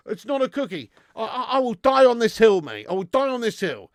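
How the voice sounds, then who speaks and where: A man chats and banters on a live stream, swearing freely and laughing between jokes. His voice sits high and swings widely in pitch, with a gravelly rasp. The sound is close and dry. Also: lively intonation, moderate pace, no room sound. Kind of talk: casual live-stream chat reading viewer comments.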